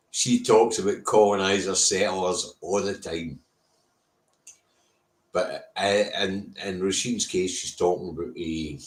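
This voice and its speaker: A man with a Scottish accent hosting a casual live stream, blunt and sweary, answering viewers' comments by name. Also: sits low. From Scotland. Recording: roomy echo.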